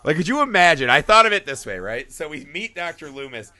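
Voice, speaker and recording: A film podcast co-host talks briskly in a slightly high voice, with no room sound in the recording. Animated and profane, he chats casually and performs impressions of characters.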